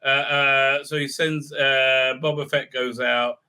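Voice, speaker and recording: A man's voice: mid-range voice, level tone, slow, bright, forceful tone, clear, resonant tone. A man giving a casual, mocking review, rambling with many fillers. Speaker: video reviewer.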